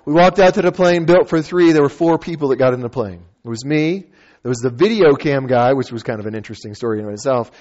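A man's voice: a little high, brisk. A man telling a funny personal story to an audience, acting out the people in it and laughing often. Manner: animated, laughing, acting out quotes. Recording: dull lo-fi recording.

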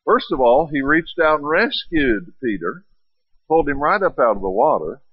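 A man's voice: on the high side, big pitch swings, normal speed, breathy edge, no echo. A man preaching a sermon, retelling stories with rhetorical questions and acted-out quotes. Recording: dry, dull lo-fi sound.

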